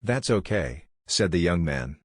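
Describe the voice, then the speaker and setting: A man reads one joke after another in a flat, deadpan manner. His voice sits very low. The recording is close and dry, with no room sound. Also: unhurried, no room sound. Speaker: joke narrator. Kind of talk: reading jokes aloud.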